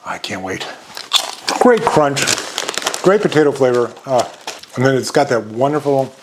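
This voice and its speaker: A man's voice: mid-range voice, big pitch swings, a little slow, background noise. A man in his fifties from the United States hosting a casual chip review vlog in an upbeat, chatty way. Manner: upbeat, chatty, lots of happy exclamations. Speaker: snack review host.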